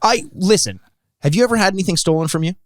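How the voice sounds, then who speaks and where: A man's voice: sits high, fast, no room sound, studio quality. A man from North America co-hosting a podcast, teasing and joking in casual chat with frequent swearing. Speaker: podcast co-host.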